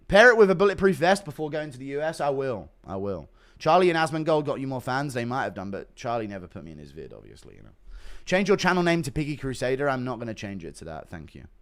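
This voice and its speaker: An animated man hosts a casual livestream, reacting to chat and reading out donations. His pitch swings widely as he talks. He swears often.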